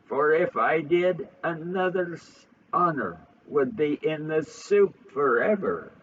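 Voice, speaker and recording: A man's voice: fairly high pitch, lively intonation, slow, recorded from a distance, phone-quality sound, a little hiss or hum. A man voicing a lovesick, heartbroken young nobleman son, pleading and anguished. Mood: despairing.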